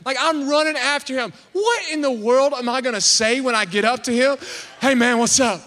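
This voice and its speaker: A man in his thirties preaching in church, telling a funny story in an animated, excitable, self-mocking way. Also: very high voice, brisk. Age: 30s. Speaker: pastor. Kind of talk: humorous storytelling sermon. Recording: long hall reverb.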